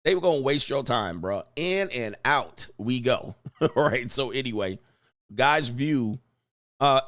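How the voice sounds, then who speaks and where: A middle-aged man hosting a casual livestream, telling a story with slang and laughter and reading viewer comments aloud. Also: mid-range voice. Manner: animated, laughing, slangy, reads chat aloud. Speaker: livestream host.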